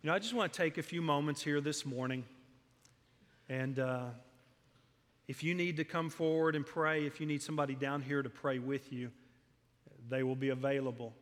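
A middle-aged pastor gives a sermon in a church sanctuary, telling stories earnestly and building volume through emphatic lists, all under long hall reverb. His voice is a little high with fairly even intonation, moving at normal speed but pausing often.

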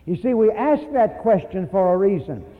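A man with a fairly high voice preaches a sermon, slowing on the words he wants to stress and putting rhetorical questions to the congregation. The recording is thin and phone-like, and a long hall reverb trails after each phrase. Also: sing-song.

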